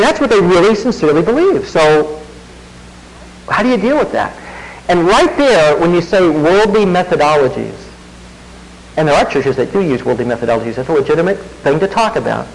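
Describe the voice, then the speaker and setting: A man's voice: sits high, poor audio. A man preaching a sermon in a conversational way, with wry asides to the congregation. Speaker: pastor.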